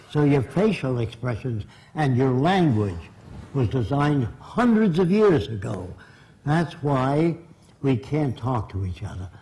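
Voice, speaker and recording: Blunt, mellow-voiced male lecturer. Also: medium pitch, poor audio. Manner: blunt, emphatic, direct. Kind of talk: public lecture.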